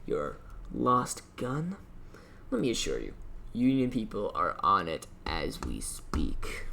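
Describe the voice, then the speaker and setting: A man voicing a scheming, smooth-talking male union boss in a game let's-play, speaking slowly and in a deliberately reassuring way. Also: mid-range voice, huge pitch swings, fairly bright tone, a little hiss or hum, full character voice. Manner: slow, oily, deliberately reassuring.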